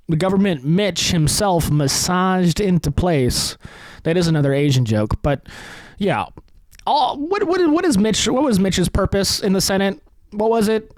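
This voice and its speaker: A man's voice: high-pitched, no echo. A man hosting a comedy podcast, rambling through a profane topical rant and laughing at his own jokes.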